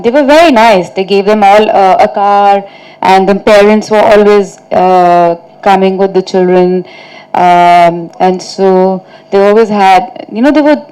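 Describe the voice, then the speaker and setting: With a mid-range, slightly mellow, smooth voice, the actress chats with reporters at a press meet, spinning stories and laughing through amusing anecdotes while leaning on "like" and "you know." The recording is rough.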